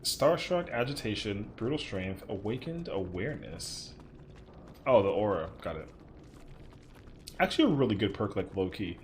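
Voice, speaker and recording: A man's voice: lowish voice, sing-song, normal speed, long pauses, slight background noise. A young man casually commentating his own gameplay on a livestream, swearing in frustration and chatting with viewers. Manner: frustrated, swearing, talking to chat. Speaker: streamer.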